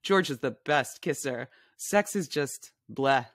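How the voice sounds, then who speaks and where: A woman's voice: extremely low pitch, animated, takes it slowly, no room sound, clean studio sound, exaggerated voice. A woman reading as a brash, pushy woman friend. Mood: chatty. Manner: pushy, blunt, bossy. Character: brash, loud adult woman friend at a bar. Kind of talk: reading a memoir aloud.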